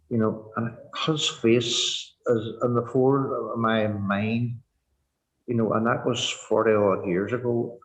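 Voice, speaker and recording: A man in his sixties with a Northern Irish accent, telling his personal story in a halting, earnest way, full of "you know" fillers. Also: medium pitch, low-quality recording. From Northern Ireland. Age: 60s. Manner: reflective and earnest. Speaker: former prisoner sharing his story. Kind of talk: personal testimony.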